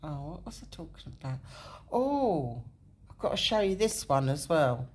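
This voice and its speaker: With music in the background, this woman speaks at a moderate pace in a low, sing-song voice. Walking through a map in her video, she thinks out loud and rambles, catching her own mistakes often and now and then whispering.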